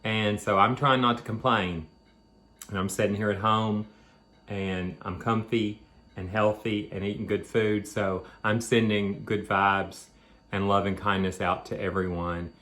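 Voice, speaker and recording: A man's voice: fairly low pitch, steady tone, measured pace, a bit bright. A man hosting a home video, chatting casually and rambling between bites of food. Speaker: vlog host. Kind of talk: casual chat while eating.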